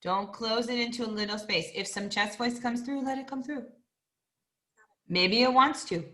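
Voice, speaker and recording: Woman coaching opera over a video call, bright and forceful voice, echoey room. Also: a little high, moderate pace. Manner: encouraging, demonstrates phrases by singing. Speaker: voice teacher. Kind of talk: opera master class coaching.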